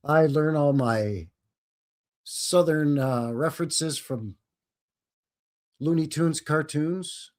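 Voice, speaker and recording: A man's voice: fairly high pitch, drawn-out words, long pauses. A man hosting a casual live stream, joking and rambling and now and then slipping into silly voices. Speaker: host.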